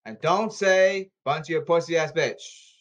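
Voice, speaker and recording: A man ranting about baseball and social media in repetitive, halting bursts. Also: fairly high pitch, a bit bright, highs cut off. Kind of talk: rambling ranting commentary.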